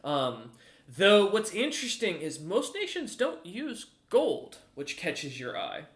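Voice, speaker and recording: A man's voice: high voice, huge pitch swings, slow, fairly bright tone, reverberant. A man narrating as game master of a tabletop game, rambling with many fillers.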